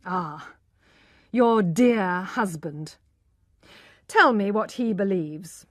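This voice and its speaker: A woman voicing a passionate, pushy young gentleman who has given up preaching, speaking urgently and insistently. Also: mid-range voice, lively intonation, extremely slow, no echo, clean studio sound. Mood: pleading, insistent.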